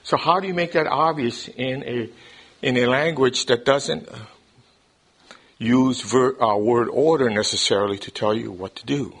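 A man's voice: medium pitch, unhurried, fairly bright tone, slightly rough. A man teaching a Bible study class in a classroom lecture style. He explains things step by step, often checks in with his listeners, and repeats words as he starts a thought.

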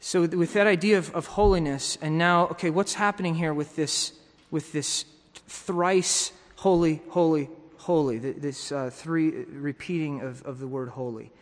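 A man's voice: a little high, steady tone, normal speed, big-room sound. A man preaching a sermon in a teaching manner, often restarting and repeating words.

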